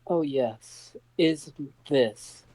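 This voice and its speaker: A man voices a scheming young noblewoman who guards a precious ruby. The delivery is slow and hesitant, with pauses between phrases. The sound is dry and close. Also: on the high side, warm tone, dry recording, poor audio. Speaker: player. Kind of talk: in-character tabletop role-play.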